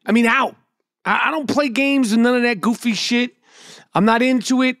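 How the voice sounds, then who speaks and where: A middle-aged man talks in a brash, profane, storytelling way on a podcast. His voice sits unusually high for a man. The sound is dry, with no room around it. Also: normal speed, a bit bright, no room sound. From New York. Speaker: podcast host and comedian. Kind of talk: casual podcast chat.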